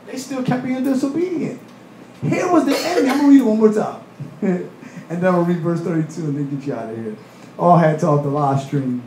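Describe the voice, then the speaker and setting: A man preaching a sermon in a church, animated, acting out voices and laughing in asides. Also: on the high side, roomy sound, slight background noise, poor audio. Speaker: pastor. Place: church hall.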